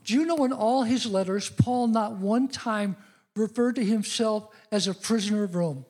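Preaching with a high-pitched, darkish voice at normal speed, a middle-aged man shares personal stories in an earnest sermon that climbs into emphatic declarations.

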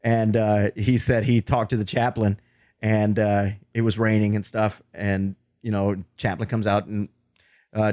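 A man co-hosting a casual comedy podcast, telling relaxed stories with lots of fillers. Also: lowish voice, a little slow, dry recording, studio quality. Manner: relaxed storyteller with fillers, laughs easily. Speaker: podcast co-host.

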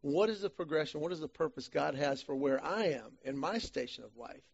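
Animated male group-study leader. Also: fairly high pitch, brisk, gravelly, breathy edge, dull audio. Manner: animated storytelling, self-deprecating humor. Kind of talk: church small-group teaching talk.

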